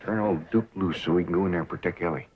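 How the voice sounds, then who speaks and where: A man's voice: low-pitched, fast talker, lightly acted. An actor playing an easygoing middle-aged hillbilly father with a dry drawl, on a hissy 1960s TV soundtrack. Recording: hissy dull 1960s TV soundtrack with loud noise.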